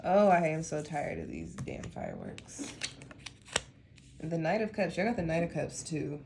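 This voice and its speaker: A woman's voice: low voice, wildly swooping pitch, moderate pace, creaky, background noise. A woman from Denver with a Colorado accent, a tarot reader chatting in a rambling, sleepy way, with a slight lisp. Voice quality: slight lisp when tired. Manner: rambling, chatty, laughs often. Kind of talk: casual monthly tarot reading.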